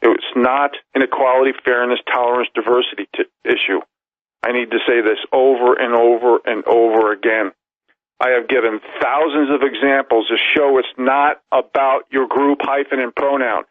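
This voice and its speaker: A man's voice: medium pitch, fairly even intonation, moderate pace. A man giving emphatic talk radio news commentary, reading articles aloud and stacking up long lists of points. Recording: tinny phone-line audio, dry.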